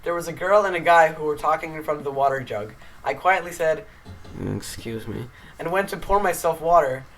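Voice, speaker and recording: A woman's voice: low-pitched, quick pace, low-quality recording. A woman on a casual podcast, playfully reading out stories and adding dry jokes. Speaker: podcast guest reading the game prompts.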